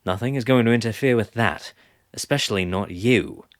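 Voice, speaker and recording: A man doing a blunt, gruff young man. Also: on the low side, normal speed, no room sound, studio quality, voice pushed up, close to an everyday voice. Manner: blunt, clipped.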